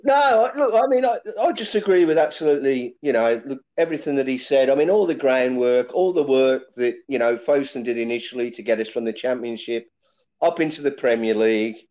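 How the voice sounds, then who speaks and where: A man rambling through his points as a fan panelist, his pitch swinging widely. The audio is dull and lo-fi. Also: animated, a little fast, warm tone. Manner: rambling, many fillers like "you know, look". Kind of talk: fan chat.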